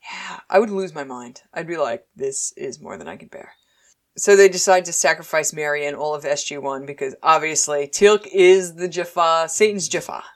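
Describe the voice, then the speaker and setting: Low-voiced woman chatting playfully. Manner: playful, acts out characters in quick voices, laughs often. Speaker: podcast co-host. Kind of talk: casual chat recapping a TV episode.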